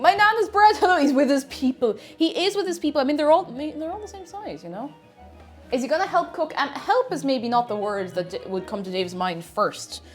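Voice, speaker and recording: Irish woman streamer, chatty and animated, high-ish voice, faint music under. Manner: chatty, reads out chat, lots of restarts. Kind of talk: casual live-stream chat.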